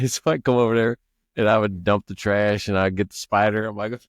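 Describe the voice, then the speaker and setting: Podcast co-host, male, lowish voice, casual storyteller who laughs a lot and restarts sentences, dry close mic. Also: fairly even intonation, fairly quick, smooth, no echo. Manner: laughs often, stammers and restarts, acts out quoted people. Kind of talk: casual chat.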